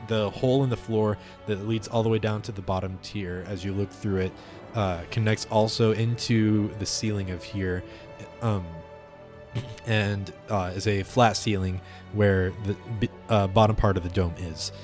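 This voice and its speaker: A man's voice: lowish voice, fairly even intonation, normal speed, darkish tone, soft background music. A man narrating descriptively as game master of a tabletop game. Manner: descriptive, with fillers.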